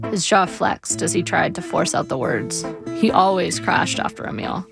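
A woman narrating her own memoir in a wry, measured, reflective way. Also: lowish voice, gravelly, music in the background.

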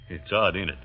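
An actor in a 1940s-style radio drama playing a polite, easygoing American infantry captain who speaks plainly and modestly. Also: male voice, deep voice, husky, full character voice. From United States. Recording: dull old radio recording, faint hiss.

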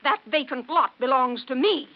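A vengeful, spiteful mayor's wife hisses cold threats in a high voice. It is a 1940s radio drama, and the old recording sounds dull. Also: female voice, expressive, normal speed. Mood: menacing.

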